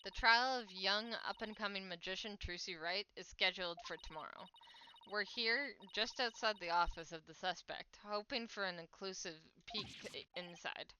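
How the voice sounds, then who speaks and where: A sensationalist TV reporter, voiced by a woman reading game lines reports in dramatic, breathless tones. The voice is bright and forceful. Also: mid-range voice, normal speed, slight background noise, close to an everyday voice, poor audio. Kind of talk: voicing game dialogue.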